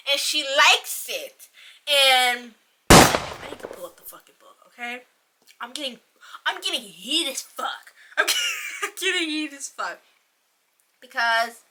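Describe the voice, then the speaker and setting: A woman giving a casual, profane, rambling book review in an animated ranting manner. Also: on the high side.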